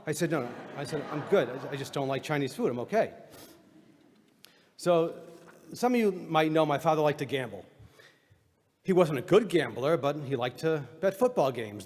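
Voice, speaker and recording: A middle-aged man giving a eulogy for his father, telling funny stories with deadpan punchlines. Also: fairly high pitch. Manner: wry storytelling, deadpan punchlines. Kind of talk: eulogy speech with humorous stories. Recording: reverberant hall recording.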